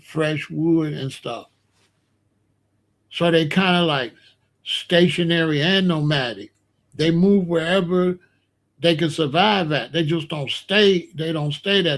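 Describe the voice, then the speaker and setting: A man hosting a podcast, telling a story in a casual, animated and slangy way. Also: on the high side. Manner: animated, slangy, explains with gestures. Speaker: podcast host.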